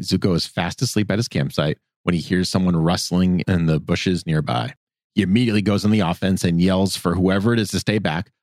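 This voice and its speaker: A man's voice: deep voice, dry recording, studio quality. A man co-hosting a podcast, casually recapping episodes and putting on silly voices for the characters. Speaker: podcast co-host.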